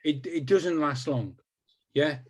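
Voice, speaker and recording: A man's voice: a little high, slow, a little hiss or hum. A man in his sixties, a hypnotist guest in a conversational interview, talking emphatically and repeating words for stress.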